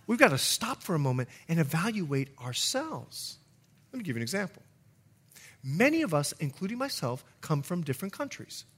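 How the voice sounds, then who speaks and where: Bahamian pastor guy, high voice that swoops all over, preaching and working the congregation. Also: normal speed, slightly rough. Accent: Bahamian, softened by long US residence. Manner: animated preaching with call-and-response to the congregation. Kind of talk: evening church sermon.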